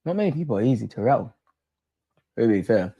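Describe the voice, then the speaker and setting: A man hosting a live football watch-along, chatting in excitable, slangy banter with his viewers. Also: medium pitch, quick pace, creaky, slightly rough, dry recording, dull audio. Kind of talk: live fan commentary and chat.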